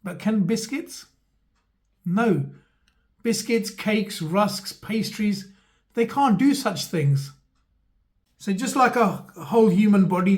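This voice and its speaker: Rambling mock-earnest man. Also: high voice. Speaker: vlogger. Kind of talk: casual comic monologue.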